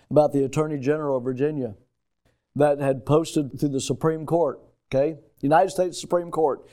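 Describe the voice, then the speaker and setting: Pastor, male, high-pitched, emphatic sermon delivery with loud-soft swings. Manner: emphatic preaching that swings between loud stresses and hushed asides.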